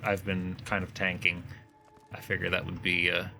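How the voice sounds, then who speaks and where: A man's voice: sits low, monotone, normal speed, vocal fry, sharp tone, soft background music. A man talking casually and thinking aloud while playing a co-op video game. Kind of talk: casual gameplay chat.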